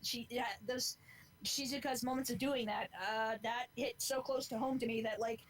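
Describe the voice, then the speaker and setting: Swearing, earnest young woman, higher voice. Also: fairly even intonation, normal speed, slight background noise, rough recording. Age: 20s. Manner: earnest, rambling, swears freely. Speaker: podcast co-host. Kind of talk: casual chat.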